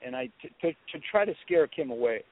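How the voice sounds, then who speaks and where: A man telling lively anecdotes as a guest on a talk show, acting out quoted people in a raised voice. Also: fairly quick. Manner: animated, acts out quotes in a high voice. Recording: tinny phone-line sound.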